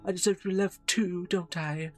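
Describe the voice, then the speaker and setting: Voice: mid-range voice, fairly even intonation, normal speed, faint music behind, lightly acted. A streamer reading a lonely, jealous partner's lines with bitter sarcasm while playing a narrative game. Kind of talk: voicing a game character.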